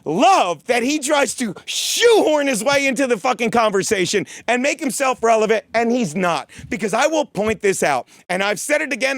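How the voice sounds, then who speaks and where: Tipsy on whiskey at his studio desk, a middle-aged podcast host launches into a heated, rambling, profane comedic rant, spelling words out letter by letter. His high-pitched voice is creaky with a fairly bright tone, recorded at studio quality with no room sound.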